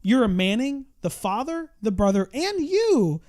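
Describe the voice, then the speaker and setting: A man's voice: very high voice, very animated, measured pace, a little mellow. A man guest on a casual podcast, blunt and swearing as he gives his opinion on football. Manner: blunt and profane, joking. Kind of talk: casual sports chat.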